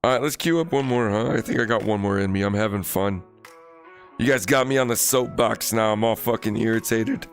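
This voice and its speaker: A man's voice: on the low side, brisk, creaky, faint music behind. An American man chatting casually and profanely with viewers on his live stream while he plays a game, rambling as he talks. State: recovering from illness.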